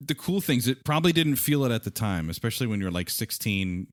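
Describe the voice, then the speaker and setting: A man's voice: medium pitch, very animated, brisk, dry recording. A man hosting a podcast interview, reading an introduction and then asking questions in a friendly way. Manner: friendly, scripted introductions, calls guest brother. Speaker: podcast host.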